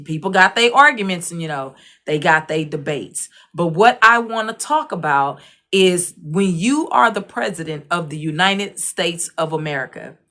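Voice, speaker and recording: A woman's voice: on the low side, a bit bright. A woman hosting an online show, giving casual opinion commentary with emphatic repetition and frequent check-ins with her listeners. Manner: conversational, repeatedly checks in with the listener; emphatic, repeats phrases for stress.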